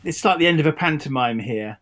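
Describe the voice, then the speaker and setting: A man's voice: on the high side, animated, a little fast, fairly bright tone. Laid-back man with short quips. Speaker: podcast co-host watching along. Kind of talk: casual watch-along commentary.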